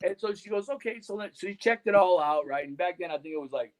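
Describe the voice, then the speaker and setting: A man with a notably high speaking voice tells long, loose stories as a guest on a talk show. He rambles from one thread to the next and peppers nearly every phrase with "you know" and "man". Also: expressive, fast talker, a little mellow, a little hiss or hum. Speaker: guest musician and radio host. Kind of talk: casual interview storytelling.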